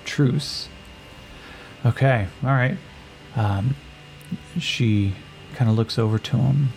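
Give me a slow, gravelly man narrating a solo tabletop game. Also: mid-range voice, faint music behind, low-quality recording. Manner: relaxed and unhurried, with many fillers.

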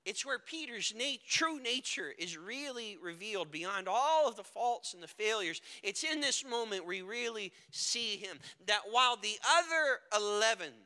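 A man preaching a dramatic sermon, swinging from hushed words to loud cries. His voice is very high and bright. It rings through a large hall with a long reverb tail. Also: clean tone.

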